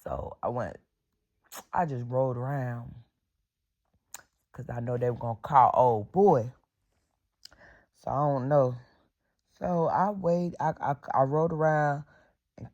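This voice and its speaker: Woman, middle-aged, raspy gravelly voice, profane, casual storytime, punchy sound-effect words. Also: extremely low pitch, measured pace, pauses often, a little mellow, lo-fi sound. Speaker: vlog storyteller.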